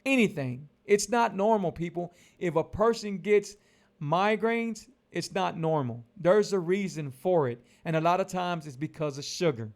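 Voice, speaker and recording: A man's voice: sits high, moderate pace. A man in his forties vlogging casually about his diet, emphatic and preachy, repeating his points over and over. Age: 40s. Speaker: keto lifestyle vlogger. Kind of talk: casual motivational vlog talk.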